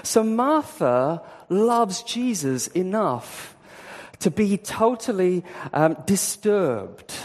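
Lively man preaching in a reverberant hall. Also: high voice. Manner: lively storytelling, acting out the story. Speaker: pastor. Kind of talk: sermon.

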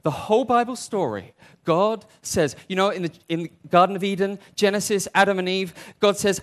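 A man preaching a sermon in an animated way, acting out the voices he quotes. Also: high-pitched, a little fast, few pauses.

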